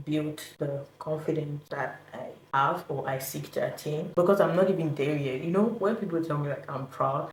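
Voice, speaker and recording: Low-voiced chatty woman vlogging in an echoey room. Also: moderate pace, few pauses. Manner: chatty, often asks "you get what I mean?". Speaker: content creator. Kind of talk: casual vlog chat. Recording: echoey room, faint background noise.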